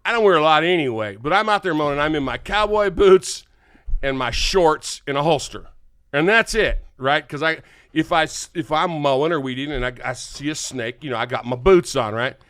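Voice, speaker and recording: An older man, hosting a podcast and telling an animated, laughing story. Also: a little high, normal speed, clean tone, dry recording. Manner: animated, laughing, acts out quotes. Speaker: podcast host. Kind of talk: casual storytelling chat.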